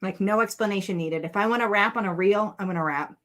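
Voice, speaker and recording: A woman's voice: medium pitch, fast, fairly bright tone. A woman in her thirties or forties hosting a casual crafting vlog, chatty, rambling and playful with her viewers. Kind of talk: casual livestream chat.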